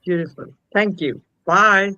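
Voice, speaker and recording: A woman co-hosting a spiritual livestream, talking gently and reading affirmations in a soothing way. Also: mid-range voice, a little slow, no echo, dull audio. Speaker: co-host.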